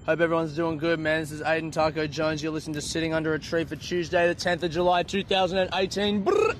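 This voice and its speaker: Rambling, foul-mouthed podcast host outdoors. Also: male voice, a little high, little pitch movement, quick pace, slight background noise. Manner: rambling, swears freely, self-mocking. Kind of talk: casual solo podcast chat. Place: outdoor city garden on a windy day. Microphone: no proper microphone, lower-quality recording.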